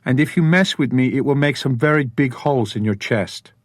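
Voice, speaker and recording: A man's voice: medium pitch, a little fast, no room sound, clean studio sound, voice pushed up, lightly acted. A man voicing a small, tough woman who is a former cop, giving clipped, commanding orders at gunpoint. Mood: threatening.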